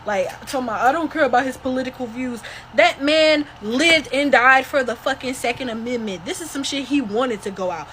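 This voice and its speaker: A woman's voice: fairly high pitch, a bit bright, slight background noise. A woman ranting bluntly and defiantly in a profane social media vlog.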